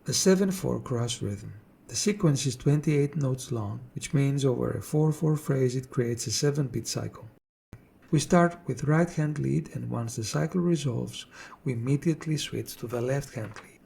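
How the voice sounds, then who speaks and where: A man narrating a scripted drum tutorial in a measured, explanatory way. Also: mid-range voice, gravelly, darkish tone, a little hiss or hum. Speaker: drum teacher.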